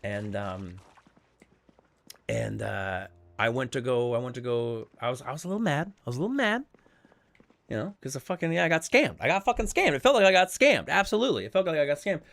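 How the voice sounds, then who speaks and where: A man's voice: mid-range voice, sing-song, a little fast, gravelly, fairly bright tone. A man streaming a game, telling a story in casual chat, rambling and swearing freely as he repeats himself. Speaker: streamer hosting a game server.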